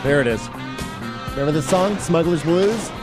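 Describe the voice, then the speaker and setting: This male radio host jokes and ribs his callers in loose, casual banter. His pitch swings widely as he talks, and music plays under him. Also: expressive, normal speed. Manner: teasing, joking, sings along.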